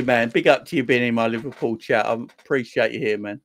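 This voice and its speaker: A man's voice: medium pitch, fairly quick. A man hosting a casual live chat, reading viewer comments aloud, laughing often and calling people "my friend.". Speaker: livestream host.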